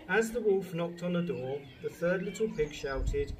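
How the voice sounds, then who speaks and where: A man, a teacher, reading a children's picture book aloud in a slow, lively storytelling manner. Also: a little high. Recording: distant mic, noisy background with birds.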